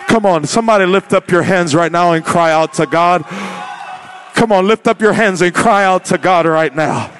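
A male pastor preaching a passionate sermon, repeating phrases and building to shouts. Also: high voice, moderate pace, big-room sound, a little hiss or hum.

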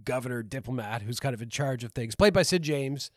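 A man's voice: medium pitch, animated, fairly quick, no echo, clean studio sound. A man co-hosting a casual film review podcast, chatty and rambling with a self-deprecating streak. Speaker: podcast co-host.

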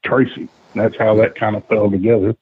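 A man's voice: mid-range voice, fairly quick, husky, no echo. A man, a podcast guest, explaining in casual chat with lots of filler words. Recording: tinny phone line.

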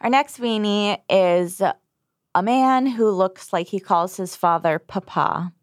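A woman's voice: medium pitch, takes it slowly, no room sound, studio quality. A woman co-hosting a podcast in a casual, sarcastic comedic chat, peppered with "like.". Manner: sarcastic, lots of "like". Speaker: podcast co-host.

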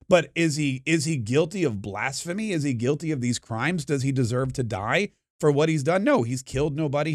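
Recorded in clean studio sound with no echo, a podcast host whose voice runs on the high side gives a forceful, opinionated monologue. As he tells his story, he performs the voices of its characters, including quoted crowds.

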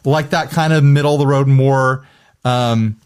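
A man co-hosting a casual music podcast, chatty and self-deprecating, quick to laugh. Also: medium pitch, fairly even intonation, a little mellow, clean tone. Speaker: podcast co-host. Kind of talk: casual chat.

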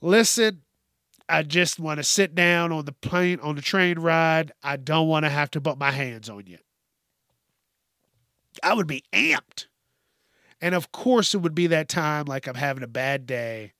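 A man's voice: mid-range voice, bright, forceful tone, dry recording, clean studio sound. A man hosting a podcast, ranting bluntly and swearing often in a casual monologue. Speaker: podcast host.

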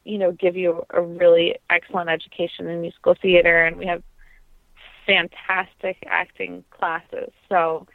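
A woman's voice: lowish voice, flat delivery, moderate pace, creaky, dry recording. A young adult woman, a trained opera singer, talks in a reflective, heartfelt way in a casual interview. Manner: reflective, heartfelt, many fillers. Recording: tinny phone-like sound.

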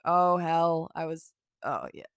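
A young woman vlogger telling a casual storytime in a lowish voice with a gravelly edge. She rambles through it with constant "like" fillers, swearing and bursts of laughter. The sound is dry and close, with no room echo. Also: takes it slowly.

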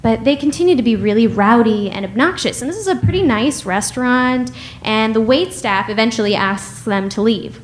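A woman's voice: on the high side, moderate pace, a little hiss or hum. A woman from the United States telling a personal story with wry humor and frequent laughs.

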